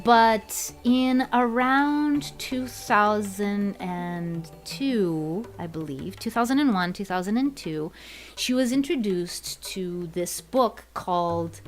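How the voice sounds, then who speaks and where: A woman's voice: mid-range voice, slow pace, soft background music. A young woman streaming casually as a VTuber, rambling and laughing often, repeating herself as she goes. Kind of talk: casual chat.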